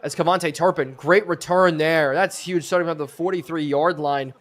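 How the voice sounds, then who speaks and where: A man's voice: a little high, fairly even intonation, normal speed. A man live-streaming a football video game, calling plays in a sportscaster style and chatting with viewers. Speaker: streamer and host.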